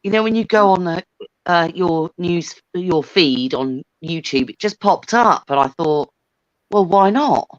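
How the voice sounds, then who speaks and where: A woman's voice: lowish voice, unhurried, no echo, lo-fi sound. An English woman chatting casually, laughing often and swearing freely. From England. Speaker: chat guest. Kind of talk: casual chat.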